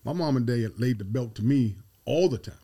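A man's voice: mid-range voice, normal speed, dark tone. A middle-aged man, a football head coach, telling stories as a podcast guest and repeating his key phrases with emphasis. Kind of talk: storytelling interview.

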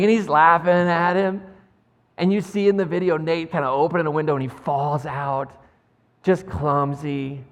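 A male pastor preaching a sermon, retelling a story in an animated way with frequent chuckles. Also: fairly high pitch, moderate pace. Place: church. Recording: long church reverb, faint music.

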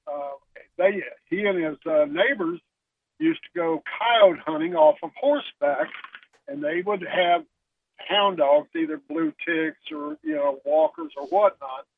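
A man's voice: fairly high pitch, vocal fry, dry recording. A man from West Texas with a Texan accent, calling in and telling a story in a folksy way with many fillers. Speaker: caller. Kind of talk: casual storytelling on a radio show. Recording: tinny phone line.

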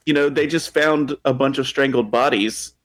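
Uomo animato che prende in giro un film. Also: male voice, mid-range voice. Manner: animated, mocks scenes with quick put-on quotes. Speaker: podcast co-host. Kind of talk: casual chat.

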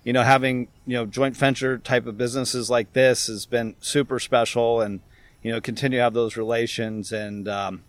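A man's voice: medium pitch, level tone, normal speed, no room sound. Earnest business owner man. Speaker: company co-founder, podcast guest. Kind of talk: casual interview talk.

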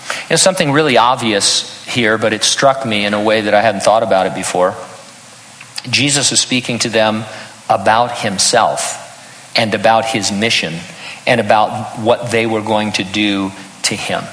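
A man's voice: on the low side, normal speed, a bit bright, long reverb tail, poor audio. An older man preaching a sermon in an earnest tone, breaking into humorous personal stories. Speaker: pastor.

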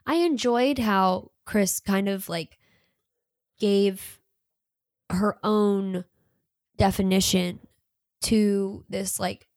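Woman, rambling book chat, mid pitch, dry close sound. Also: drawn-out words, pauses often, a little mellow, no room sound. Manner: rambling, many fillers. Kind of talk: casual book review chat.

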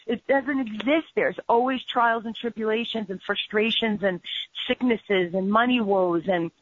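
Woman coach chatting on a call, lively storyteller, lots of you-knows, dull dry audio. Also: a little high, a little slow, slightly rough, dry recording. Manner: animated storyteller, lots of "you know" fillers. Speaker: business trainer and coach. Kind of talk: conversational interview.

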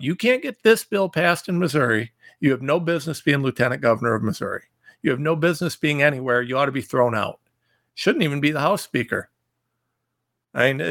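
A man's voice: fairly high pitch, gravelly, a bit bright, no room sound, clean studio sound. A man from Ohio hosting his own show, delivering a combative, repetitive political rant straight to his listeners. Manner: combative, ranting, repeats himself. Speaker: show host. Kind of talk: fiery political monologue.

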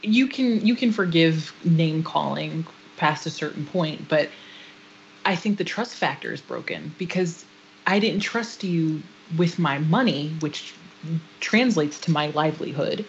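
A woman co-hosting a podcast in casual chat, explaining things in a measured, counselor-like way. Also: sits low, lively intonation, muffled recording, slight background noise. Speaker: podcast co-host.

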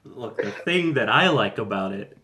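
A man's voice: on the low side, lively intonation, normal speed, sharp tone. A man in casual chat as a podcast co-host, thoughtfully laying out options one by one.

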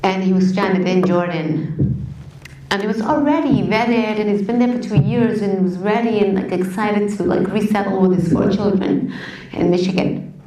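A woman's voice: medium pitch, moderate pace, warm tone. A woman community activist telling her story to an audience, impassioned and conversational, sometimes emotional. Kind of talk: personal storytelling talk to an audience. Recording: roomy, distant from the mic.

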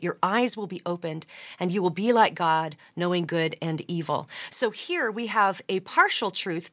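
A woman hosting a podcast, giving a measured teaching talk that quotes scripture at length. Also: mid-range voice, a bit bright. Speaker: podcast host.

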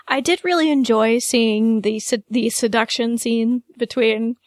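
A woman's voice: fairly high pitch, steady tone, measured pace, no echo, studio quality. A woman co-hosting a podcast, talking fondly and earnestly in casual chat. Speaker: podcast co-host.

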